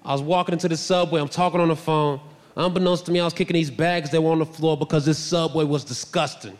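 This young comedian speaks quickly in a fairly high voice, loudly poking fun at himself and impersonating voices in animated stand-up stories. The set takes place in a large hall, and the live recording has long reverb.

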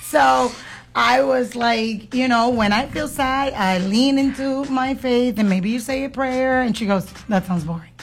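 A woman's voice: high-pitched, unhurried, soft background music. Woman from Puerto Rico talking openly. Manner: earnest, open about grief, animated when quoting her kids. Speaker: podcast co-host. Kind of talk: candid conversational chat.

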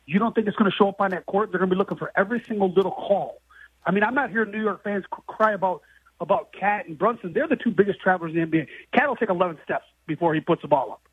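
A man from Michigan calling into a sports radio show, ranting excitedly and stumbling over repeated words. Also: high voice, fast, husky, dry recording, poor audio. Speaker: caller. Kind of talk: ranting call-in.

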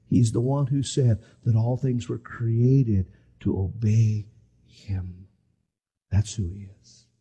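A man's voice: on the low side, level tone, takes it slowly, mellow, slightly rough, dull audio. A middle-aged man preaching a sermon as pastor, dramatic and acting out the voices of the people in his story. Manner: dramatic, acts out voices of the disciples.

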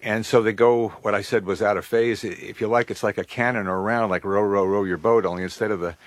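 A man in his sixties answering interview questions about his work, reflective and unhurried, pausing often. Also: lowish voice, fairly even intonation, no room sound. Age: 60s. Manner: reflective, many pauses and uh fillers. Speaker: composer, interview guest.

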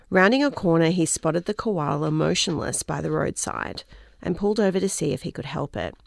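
Female co-presenter; heavy vocal fry, reads print columns conversationally. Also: fairly low pitch, no room sound, studio quality. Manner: chatty reading with small slips and self-corrections. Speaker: radio co-presenter. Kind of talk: reading a newspaper column on air. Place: radio studio.

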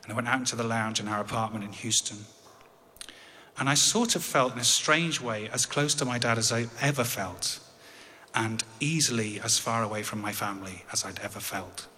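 An English man tells a personal story with wry, dry humor, and his voice sounds bright and forward. The recording carries a long reverb over faint ambient noise. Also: medium pitch, normal speed. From England.

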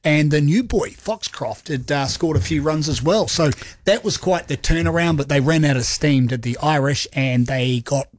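A man's voice: fairly high pitch, moderate pace, dry recording. A man, chatting energetically about sport as a co-host. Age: 50s. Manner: excitable and energetic. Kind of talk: casual sports chat.

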